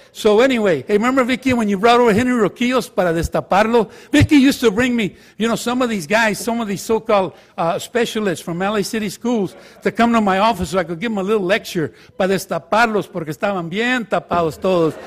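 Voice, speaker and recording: An older man, a former teacher telling a joking anecdote to an audience. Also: high-pitched. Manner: anecdotal, joking, switches into Spanish. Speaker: former high school teacher and counselor. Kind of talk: storytelling talk to an audience.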